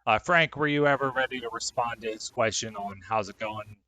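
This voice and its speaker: A man's voice: mid-range voice, fairly quick, bright, forceful tone, slight background noise. A man acting as game master, explaining the scene in a loose, chatty way with fillers. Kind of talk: narrating a tabletop game.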